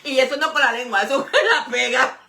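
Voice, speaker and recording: Giggly high woman with a Spanish accent. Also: lively intonation, fast talker, roomy sound, background noise. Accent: Spanish-speaking. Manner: giggly, bawdy, mixes Spanish and English. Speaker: co-host. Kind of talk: casual chat.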